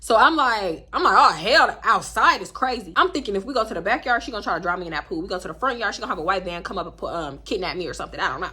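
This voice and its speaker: A young woman from Houston, Texas, telling a casual storytime vlog in slangy, animated talk, often voicing other people in quotes. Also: mid-range voice, racing, hardly any pauses, breathy edge. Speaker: storytime vlogger.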